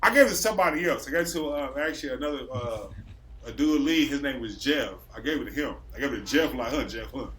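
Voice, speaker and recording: A man's voice: medium pitch, lively intonation, quick pace, a bit bright. A man from Racine, Wisconsin, a podcast host telling a story in loose casual chat, acting out the quotes and swearing freely.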